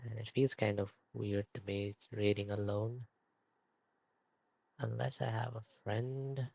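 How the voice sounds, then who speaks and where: A young man streaming late at night, in a whispered role-play hush, quiet and hesitant with many fillers as he signs off. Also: on the low side, little pitch movement, takes it slowly, creaky, no echo.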